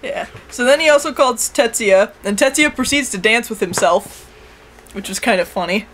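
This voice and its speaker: Brief: higher-pitched woman co-host, rambling casual recap full of fillers. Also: moderate pace, a bit bright. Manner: rambling recap, many fillers, mimics characters with laughs. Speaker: co-host reviewing an anime episode.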